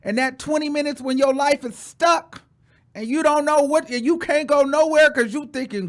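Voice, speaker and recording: A man hosting his own show, telling a story in a sassy, dramatic way and calling his listeners "girl", with sudden loud exclamations. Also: very high-pitched, moderate pace. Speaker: show host. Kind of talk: casual storytelling chat.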